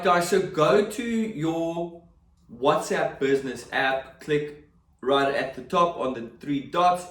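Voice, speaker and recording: A man's voice: mid-range voice, a bit bright. A man who works as a real estate agent, explaining his sales method in a chatty, emphatic way with joking asides. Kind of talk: casual explainer to camera. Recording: echoey room, mic at a distance.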